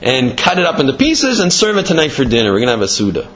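A man's voice: mid-range voice, wildly swooping pitch, quick pace, fairly bright tone, highs cut off. A man voicing a commanding male lion king who speaks in a brusque, demanding way.

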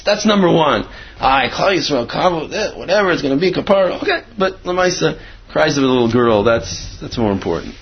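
Rambling and animated, a Torah teacher uses storytelling to make his point, speaking a little fast in a slightly high, husky voice. Fillers crowd his speech, and he acts out the quotes. It's a dull, lo-fi recording.

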